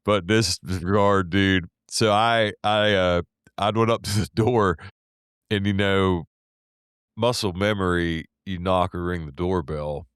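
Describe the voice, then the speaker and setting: Male co-host, very deep and smooth voice, loose rambling storyteller, dry sound. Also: steady tone, slow pace, a bit bright, dry recording. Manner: rambling storyteller with restarts, swears, laughs. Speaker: podcast co-host, delivery driver. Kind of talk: casual podcast chat.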